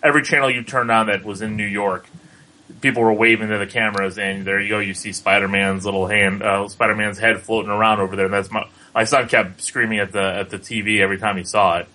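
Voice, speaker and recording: Bright-voiced, rambling man on a podcast. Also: fairly low pitch, flat delivery, fast, poor audio. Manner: rambling, many fillers and restarts. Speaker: podcast co-host. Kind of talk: casual chat.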